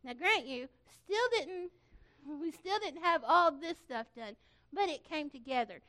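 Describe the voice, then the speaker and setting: A middle-aged woman speaking to a church gathering in an informal way, telling a story in an animated, folksy manner and earnestly thanking the volunteers. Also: high voice, a little slow. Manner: animated storytelling, acting out quoted voices.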